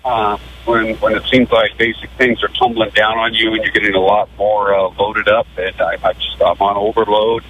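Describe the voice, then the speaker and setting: A man calling in to a radio show, speaking in a hesitant, halting way full of fillers. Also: fairly low pitch, flat delivery, husky. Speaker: radio caller. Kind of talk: phone-in call. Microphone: telephone. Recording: dull phone line with faint noise.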